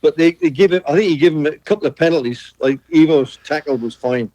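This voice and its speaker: A man's voice: on the high side, a little fast, warm tone, poor audio. A man, a former national team footballer, emphatically reminiscing in casual chat.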